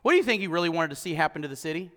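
A male pastor delivers an animated sermon, firing rhetorical questions at his congregation. His voice sits high and bright. It carries with a long echo through a church hall. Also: very fast.

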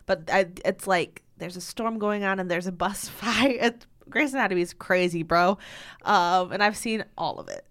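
A woman's voice: medium pitch, normal speed, fairly bright tone. A young woman co-hosting a podcast, chatting casually and rambling with fillers and giggles. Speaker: podcast co-host. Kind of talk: casual chat.

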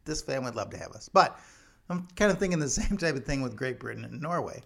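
A man's voice: medium pitch, lively intonation, fast talker, creaky, a bit bright. A man telling a rambling, joking story in a casual vlog monologue. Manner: rambling, joking, many fillers. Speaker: vlogger.

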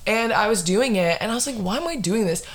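Young woman telling a lively, swearing story. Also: medium pitch, fast talker. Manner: animated storytelling, lots of swearing and fillers. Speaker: podcast host. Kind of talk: casual podcast chat.

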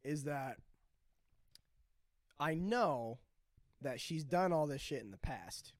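A man bantering crudely on a podcast, his pitch swinging widely as he jokes. His voice is a little raised in tone and sounds dry and close, with little room around it. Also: expressive, takes it slowly, dry recording. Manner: joking, loud bursts, puts on mock voices. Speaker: podcast co-host.

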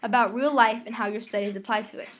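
A woman voicing a stern, exacting middle-aged male teacher in a storybook reading, speaking in a formal, measured way. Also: a little high, steady tone, slight background noise, natural voice. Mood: earnest. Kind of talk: storybook read-aloud.

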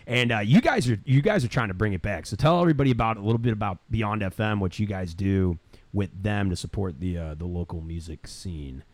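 A man's voice: fairly low pitch, brisk, no room sound. A man with a St. hosting a casual interview, easygoing and full of fillers. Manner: easygoing, laid-back, with fillers. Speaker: podcast host.

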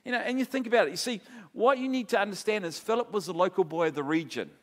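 A man with a New Zealand accent preaching a sermon, telling stories with animated, acted-out dialogue. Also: high voice, quick pace, in a large hall. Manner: animated storytelling, acting out quoted dialogue. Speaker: pastor.

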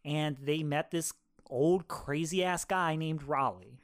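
A man's voice: a little high, slow, no room sound, clean studio sound. A young adult man co-hosting a podcast, telling a story in loose, profane casual chat. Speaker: podcast co-host.

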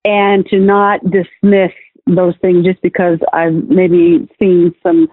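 A woman's voice: lowish voice, level tone, slow pace. A candid woman minister talking casually in an interview, often starting over mid-sentence. Her voice comes through a narrow, tinny, phone-like line. The sound is dry, with no room echo. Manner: candid, frequent restarts. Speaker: guest minister.

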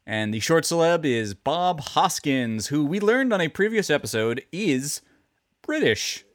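A man co-hosting a podcast, chatting casually with deadpan jokes. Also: a little high, unhurried. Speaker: podcast co-host. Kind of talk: casual comedic chat.

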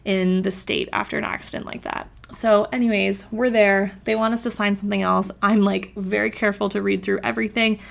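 A woman's voice: mid-range voice, little pitch movement, fairly quick, vocal fry, few pauses. A woman vlogger telling a personal story in a chatty, casual way, with lots of "like". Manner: chatty, uses "like" a lot.

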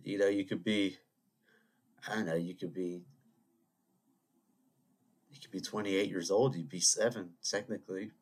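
A man's voice: low voice, fairly even intonation, a little slow, long pauses. Sniffly man rambling solo on a podcast. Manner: chatty, digressive, jokey asides to listeners. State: sniffly from a cold. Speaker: podcast host.

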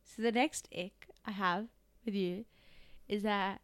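A woman's voice: mid-range voice, steady tone, slow pace, clean tone. A young woman co-hosting a podcast, talking casually and scolding her friend in exasperation. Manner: chatty, exasperated scolding, laughs. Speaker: podcast co-host. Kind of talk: casual chat.

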